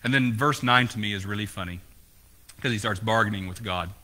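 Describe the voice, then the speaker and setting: Bright-voiced male pastor preaching. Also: fairly low pitch, fairly quick. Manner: preaching, questions to the congregation, voice rises and falls. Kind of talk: sermon. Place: church.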